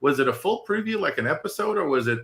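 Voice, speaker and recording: A man's voice: fairly high pitch, big pitch swings, fast talker, a bit bright. A man co-hosting an interview alongside his child, chatting and explaining things. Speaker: co-host, parent of the host. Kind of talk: casual interview chat.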